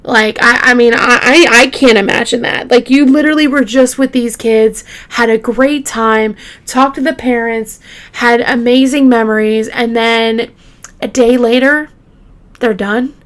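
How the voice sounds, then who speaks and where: A woman hosting a true crime show, retelling a case casually with halting fillers and restarts, openly shaken by the grim details. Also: a little high, steady tone, fairly bright tone. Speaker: true crime podcast host.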